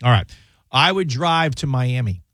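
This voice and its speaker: A man's voice: medium pitch, lively intonation, unhurried, fairly bright tone, dry recording. A middle-aged man hosting a radio call-in show, giving advice in a rambling way with many fillers and repeated words. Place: radio studio. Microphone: studio mic.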